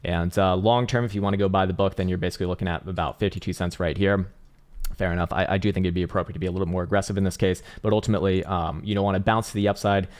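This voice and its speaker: A man with a fairly low voice talks through trading charts on a live stream in a loose, rambling way. He swears freely, laughs often and reads viewer messages aloud between his chart reads. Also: fairly even intonation, racing.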